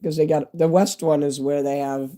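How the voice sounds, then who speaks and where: A man in his fifties with a hoarse, fading voice and a stuffy nose, rambling candidly to his viewers in a casual live-stream chat. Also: on the high side, flat delivery, normal speed, dark tone. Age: 50s.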